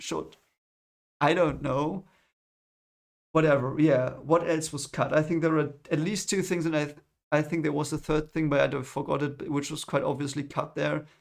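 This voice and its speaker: A man's voice: fairly high pitch, vocal fry. A man recapping a film in casual vlog talk, rambling and often stopping to correct himself and apologize. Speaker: film reviewer vlogger.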